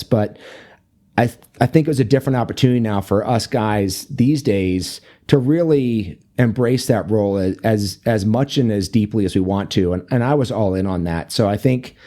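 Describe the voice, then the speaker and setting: Mellow low-voiced man chatting loosely. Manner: relaxed, rambling, many fillers and restarts. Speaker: fatherhood coach and author, guest. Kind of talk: casual interview conversation.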